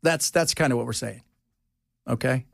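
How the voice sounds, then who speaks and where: In a radio studio, a man hosts a talk show, joking with and teasing his co-hosts in relaxed on-air banter while acting out the voices of people he quotes. His voice is gravelly and medium-pitched at normal speed, with clean studio sound and no echo.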